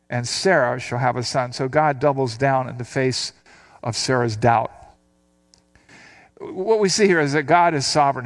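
An older man teaching a Bible passage, reading verses aloud and explaining them in a relaxed, conversational way. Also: mid-range voice. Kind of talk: sermon.

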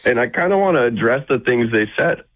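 A man's voice: mid-range voice, animated, a little fast, no room sound, lo-fi sound. A man calling in to a sports radio show from the Bay Area, talking in an easygoing, conversational way. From San Francisco Bay Area. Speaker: caller. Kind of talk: casual phone-in chat.

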